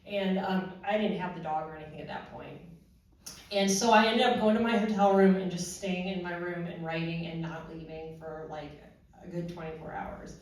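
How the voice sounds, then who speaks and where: A woman, a former first responder, shares her own story at a panel in a halting way, with many fillers and restarts. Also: lowish voice, steady tone. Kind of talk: personal testimony at a panel. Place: large echoey room at a panel event. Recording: very echoey hall from far off.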